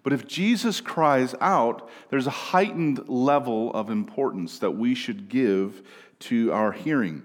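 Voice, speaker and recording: A man from Minnesota preaching a sermon in a conversational way, often asking "right?" and moving between quiet and loud passages. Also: mid-range voice, expressive, unhurried. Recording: long reverb of a large room.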